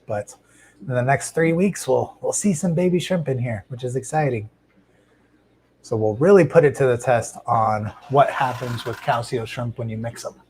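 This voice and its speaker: A man's voice: medium pitch, normal speed, poor audio. Man chatting casually on a live stream. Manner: relaxed and chatty, with frequent fillers and restarts. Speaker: host of a live stream about keeping shrimp. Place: indoor home fish room with tanks. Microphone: lapel mic. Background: faint hum of aquarium tanks.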